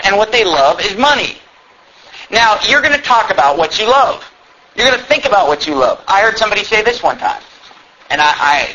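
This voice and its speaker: Guy preaching a sermon, bright high voice, keeps asking why, faint hiss in the background. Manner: emphatic preaching, rhetorical questions. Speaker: pastor. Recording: dull lo-fi with faint noise.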